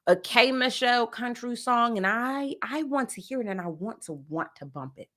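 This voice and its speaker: A woman from New Jersey hosting a casual pop culture podcast, animated and playful, sometimes slipping into jokey made-up song parodies. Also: fairly high pitch, normal speed, hardly any pauses. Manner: animated, playful, breaks into sung parody bits. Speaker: podcast host.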